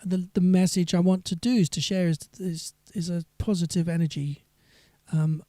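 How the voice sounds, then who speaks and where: A man's voice: sits high, fairly even intonation, normal speed, mellow, dry recording, studio quality. A singer-songwriter man chatting on a live stream between songs, rambling and reading viewer comments aloud.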